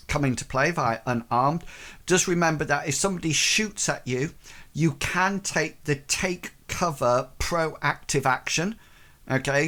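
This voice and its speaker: Male game master, slow and halting delivery, slightly high voice. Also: a bit bright. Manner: slow, hesitant recap with many fillers. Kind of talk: narrating a tabletop game.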